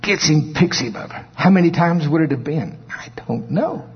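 A man preaching a sermon, telling stories with big swings from quiet murmurs to high, excited shouts. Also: moderate pace, husky. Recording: dull lo-fi recording with long hall reverb.

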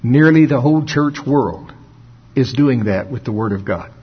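A man preaching a folksy sermon, often laughing and slowing down for dramatic emphasis. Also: medium pitch, animated, slightly rough. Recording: dull lo-fi sound.

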